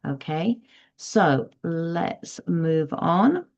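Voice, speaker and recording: A woman teacher giving parents step-by-step advice on reading, in a measured, explanatory way. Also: lowish voice, expressive, vocal fry, a little mellow. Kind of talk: instructional talk to parents. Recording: dull lo-fi audio.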